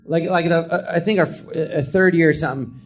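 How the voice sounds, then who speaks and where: A middle-aged comedian telling stories from his career in a casual chat, acting out what people said in a hushed voice. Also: fairly high pitch, a little fast, soft background music. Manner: animated storyteller, acts out quotes in a hushed voice. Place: small live podcast theatre.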